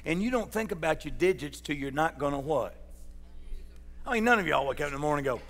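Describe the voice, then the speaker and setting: A man's voice: on the high side, lively intonation, quick pace, vocal fry, fairly bright tone, long reverb tail, soft background music. A man preaching a sermon as pastor, folksy and joking, putting questions to his congregation. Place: church sanctuary.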